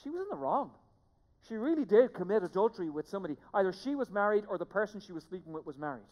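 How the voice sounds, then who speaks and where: A pastor preaching a sermon to a church, emphatic, repeating key phrases and swinging between hushed and loud delivery. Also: mid-range voice, expressive, racing, lo-fi sound. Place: church sanctuary. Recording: long reverb of a large hall.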